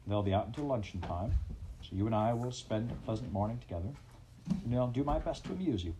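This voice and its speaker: A man's voice: lowish voice, lively intonation, brisk, noisy background, close to an everyday voice. A man voicing a practical, hearty male water rat who speaks cheerfully.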